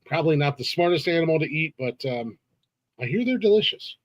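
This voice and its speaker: A man's voice: on the high side, lively intonation, a little fast, no room sound, highs cut off. A man hosting a casual live-stream interview, laid-back and laughing often, with lots of restarts and fillers. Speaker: podcast host.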